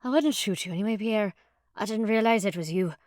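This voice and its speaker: A woman's voice: medium pitch, fairly quick, a little mellow, no echo, lightly acted. A woman voicing a wounded young man who speaks dryly and sarcastically, in an audiobook. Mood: wry. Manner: dry and sarcastic.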